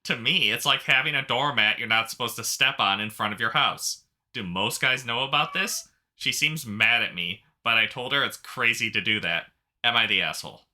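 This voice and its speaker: A man's voice: mid-range voice, normal speed, pushed and bright. A man co-hosting a podcast, reading online stories aloud and trading dry jokes in casual chat. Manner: dry joking banter. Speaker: podcast co-host.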